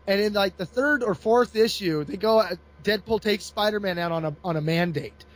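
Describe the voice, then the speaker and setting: In casual conversation, a man with a high voice recounts the plot of a comic book at a normal pace. He's an animated storyteller, laughing a lot and slipping into put-on voices.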